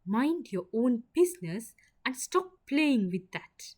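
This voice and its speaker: A woman's voice: fairly high pitch, big pitch swings, takes it slowly, darkish tone, pitched above the performer's own voice, full character voice. A woman voicing a proud, stubborn young woman who is hurt and near tears, answering sharply with a trembling edge. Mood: sharp, defensive.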